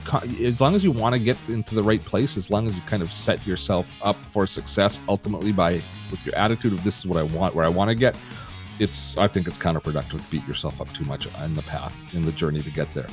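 A man's voice: low voice, fast talker, soft background music. A middle-aged man co-hosting a podcast, talking in a rambling way with restarts and dry jokes. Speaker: podcast co-host. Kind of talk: casual chat.

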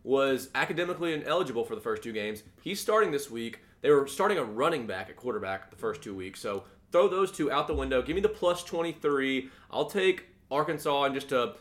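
A man's voice: medium pitch, expressive, a little fast, few pauses. Blunt man talking sports bets. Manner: blunt, confident picks. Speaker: podcast co-host. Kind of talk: casual sports betting chat.

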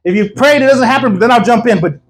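High-voiced male evangelist preaching. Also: fast, rough recording. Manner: lively, joking storyteller. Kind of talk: sermon with storytelling. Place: church service.

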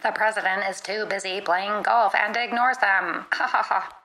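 A woman's voice playing an earnest, literal chatbot assistant in a comedy skit, polite and quick to apologize. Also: medium pitch, fairly even intonation, sharp tone, rough recording.

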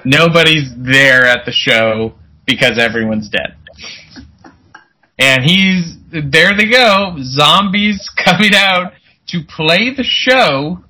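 A man's voice: a little high, lively intonation, takes it slowly, bright, forceful tone, rough recording. A man co-hosting a podcast, recapping a movie in casual chat, laughing and acting out characters' lines. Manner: laid-back, laughing, acts out characters in quotes. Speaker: podcast co-host.

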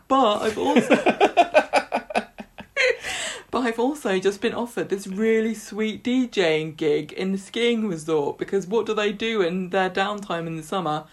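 A woman's voice: medium pitch, close to an everyday voice. A woman voicing a dopey, self-pitying young man from a soap, rambling and whiny, a little off-mic.

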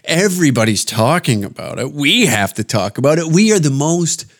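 A man hosting a podcast, his voice sitting a bit high for a man. He rants casually, swearing a lot and mocking as he goes, and his thoughts ramble from one point to the next. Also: very animated, normal speed. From Canada. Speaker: podcast host.

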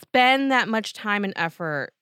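A woman with a New Jersey accent co-hosting a casual chat, thinking aloud and filling pauses with "you know.". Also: medium pitch, animated, fairly bright tone, clear, resonant tone, no room sound, clean studio sound. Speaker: podcast co-host.

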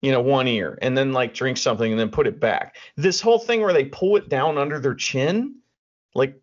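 A podcast co-host rants in casual conversation, swearing heavily and restarting his sentences often. His voice is mid-range at a moderate pace, captured in dull lo-fi audio.

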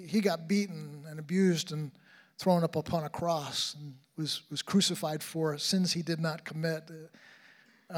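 Man preaching an impassioned sermon. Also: fairly high pitch. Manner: impassioned, repeats words when building up. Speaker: conference speaker.

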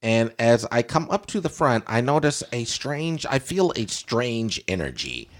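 A man's voice: mid-range voice, sing-song, unhurried. A young adult man hosting a podcast, talking in a playful, digressive, joking way. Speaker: podcast host. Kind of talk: casual comedic chat.

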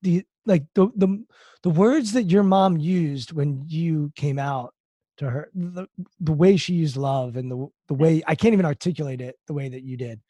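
Higher-pitched man with a mellow tone. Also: moderate pace, dry recording. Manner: thoughtful, searching for words as he asks. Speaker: host, works with athletes. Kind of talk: interview conversation.

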